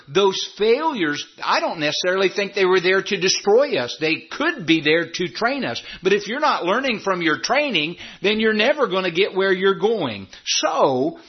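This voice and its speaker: A middle-aged man preaches with emphatic repetition, drawing out key words for weight. His voice is husky and sits a little high, rising and falling a lot. The sermon recording sounds dull and lo-fi. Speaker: pastor.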